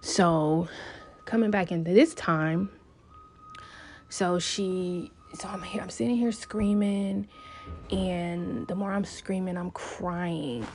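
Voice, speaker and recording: A woman's voice: lowish voice, slow, darkish tone, slight background noise. A woman talking casually and openly to camera, rambling with lots of fillers as she shares a personal story. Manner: rambling, many "like" fillers, open and confessional. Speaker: vlogger.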